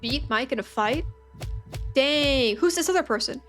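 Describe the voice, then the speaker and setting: A woman's voice: sits high, expressive, unhurried, music in the background. A woman streamer giving playful, joking commentary while playing a game. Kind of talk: let's play commentary.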